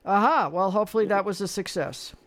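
A man's voice: sits high, brisk, a bit bright. A man hosting a call-in radio show, chatting bluntly and opinionatedly with callers and running a quiz. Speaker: radio host.

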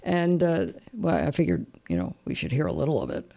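A woman's voice: deep voice, sing-song, brisk, mellow. A woman hosting a call-in radio show, chatting cheerfully with callers and thinking aloud with plenty of fillers. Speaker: radio host. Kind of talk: casual call-in radio chat.

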